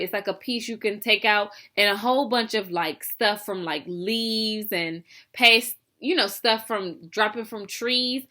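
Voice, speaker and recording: Young woman, fairly high and very bright voice, chatty casual story vlog, loose and full of asides. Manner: animated, chatty, heavy with fillers and asides. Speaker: vlogger telling a story.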